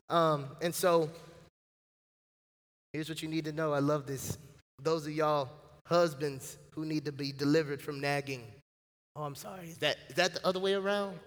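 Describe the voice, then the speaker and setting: A man preaching a sermon in a big church hall, his voice pitched high and trailing a long reverb. He talks in a loose, lively way, dropping slang and acting out quotes as he goes. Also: moderate pace. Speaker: pastor. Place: church sanctuary.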